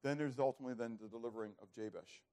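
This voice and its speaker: A man preaching a sermon, throwing rhetorical questions to the congregation and swinging from loud emphasis to hushed, low passages. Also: racing, clear, resonant tone. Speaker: pastor.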